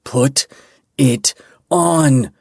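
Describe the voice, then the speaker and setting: A man voicing a straining male knight who shouts urgent commands. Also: medium pitch, drawn-out words, vocal fry, husky, no echo, studio quality, pitched above the performer's own voice, full character voice.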